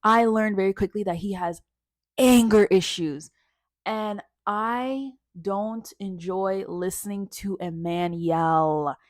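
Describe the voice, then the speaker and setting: A young woman from Canada in a casual storytime vlog, telling her story in an animated way and acting out what other people said. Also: mid-range voice, slow pace, no room sound, studio quality.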